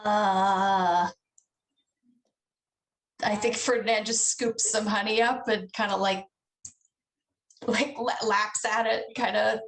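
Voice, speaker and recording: A woman's voice: mid-range voice, steady tone, slow pace, long pauses, fairly bright tone, far from the mic. A woman player in a tabletop role-play, hesitantly describing what her character does.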